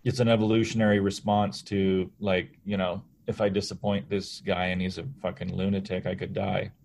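Low-voiced Canadian man riffing crudely. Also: level tone, creaky, darkish tone, slight background noise. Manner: profane, riffing, mimics voices in quick asides. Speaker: podcast co-host. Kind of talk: crude comedic banter over video call. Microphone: video call.

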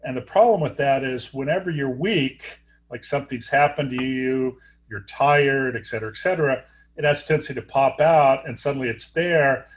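A middle-aged man talks through a story in an interview, stopping and restarting with lots of filler sounds. His pitch sits in an ordinary middle range for a man. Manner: halting, many fillers and restarts. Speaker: guest, neurosurgeon.

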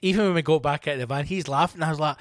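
A man's voice: on the high side, racing, dry recording, clean studio sound, faint music behind. A middle-aged Scottish man hosting a comedy podcast, telling a self-mocking story full of swearing. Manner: profane, animated, self-mocking. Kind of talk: comic storytelling monologue.

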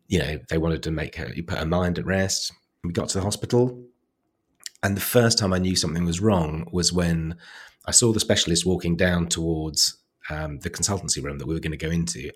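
Low husky man recalling grief. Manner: reflective, quiet and halting when recalling grief. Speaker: guest. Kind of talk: personal storytelling in a podcast interview.

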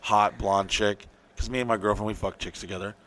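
A man's voice: fairly low pitch, fairly even intonation, brisk, a bit bright. A man on a podcast telling a rambling, profane story in casual banter. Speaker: podcast co-host.

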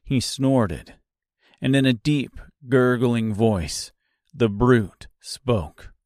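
A male narrator reading a dark fantasy novel aloud at an unhurried pace. His voice sits in a middle pitch, and the recording is dry and close with no room sound. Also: no room sound. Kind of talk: audiobook narration.

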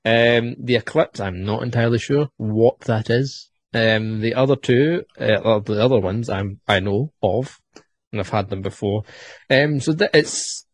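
Husky Scottish man, rambling host. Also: medium pitch, measured pace, no room sound. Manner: rambling, jokey, with lots of fillers. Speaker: podcast host. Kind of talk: casual chat, beer tasting.

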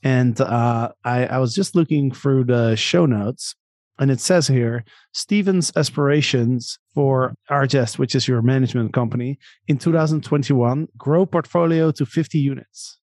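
A man hosting a podcast, reading a scripted intro and then chatting in an upbeat, energetic way with guests. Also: mid-range voice, unhurried, no echo, studio quality. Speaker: podcast host. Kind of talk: casual interview, scripted intro.

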